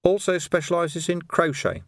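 Haughty icy woman, voiced by a male reader, raised pitch, cutting. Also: big pitch swings, moderate pace, creaky, dry recording. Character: haughty sharp-tongued woman of the night.

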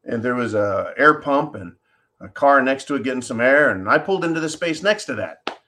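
Brief: male podcast host, middle-pitched voice, casual monologue, swears freely, blunt storyteller. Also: expressive, fairly quick, sharp tone. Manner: blunt, profane, riled-up storytelling.

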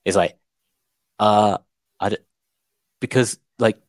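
A man with a very deep voice, chatting on a podcast and working through his thoughts with many filler words. The recording is dry and close to the mic. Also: steady tone, slow, no room sound. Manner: thinks aloud, hedging with filler words. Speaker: podcast co-host, former teacher. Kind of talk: casual podcast chat.

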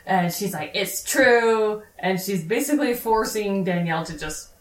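A woman's voice: medium pitch, normal speed, echoey room. A woman co-hosting a casual chat, retelling film scenes and agreeing often with her partner. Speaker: podcast co-host.

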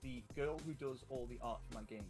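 A man's voice: mid-range voice, a little fast, music in the background. A man in casual podcast chat, eagerly retelling the story of the tabletop game he runs and laughing along the way. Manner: animated, laughing while recounting game plot. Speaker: podcast guest, game master.

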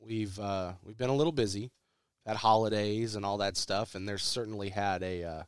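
A man's voice: fairly low pitch, normal speed, clean tone, no echo, clean studio sound. A man, hosting a casual sports podcast while sick, with a congested voice and a rambling way of repeating himself as he restarts. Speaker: podcast host.

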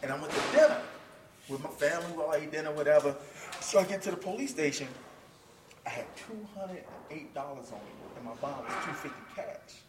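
A man's voice: fairly high pitch, lively intonation, brisk, roomy sound, distant mic, background noise. A man telling a story in casual talk, acting out the voices of the people in it, laughing often and swearing freely. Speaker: podcast guest, combat sports fighter.

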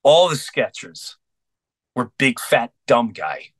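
A man's voice: medium pitch, big pitch swings, takes it slowly, fairly bright tone, no echo. A middle-aged comedian telling a story as a guest in an interview, earnest and intense, acting out both sides of each conversation he recalls.

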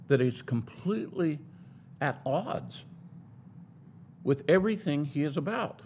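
A man's voice: fairly high pitch, animated, a little slow, pauses often, darkish tone, a little hiss or hum. A man teaching a Bible lesson in a sermon style, building his points in an emphatic, argumentative way.

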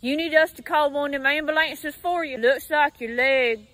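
A woman's voice: high-pitched, moderate pace, a bit bright, rough recording. A woman playing a folksy rural Southern woman who offers help to a crashed alien, speaking with a Southern US accent and a drawling, motherly manner. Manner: drawling, motherly, calls people honey and baby. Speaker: comedy clip character.

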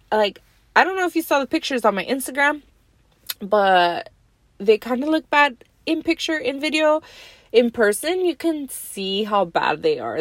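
A young woman vlogger telling a story in a casual, animated way, lots of fillers and swearing. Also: medium pitch, no room sound.

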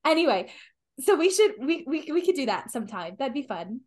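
A woman's voice: high voice, sing-song, fairly quick, voice pushed up. A woman voicing a chatty, upbeat young adventurer in a tabletop game, gushing and friendly. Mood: bubbly.

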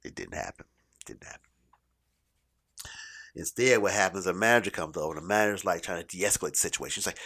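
A middle-aged man telling a stand-up comedy story in an animated, profane way, swinging between loud bursts and quiet asides. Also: low voice, fast talker, long pauses, husky.

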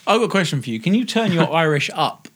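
A man's voice: on the high side, sing-song, quick pace, husky. This is a young man in casual podcast chat. He teases his co-host and swears freely. His talk is loose and full of laughter. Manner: crude, teasing and laughing.

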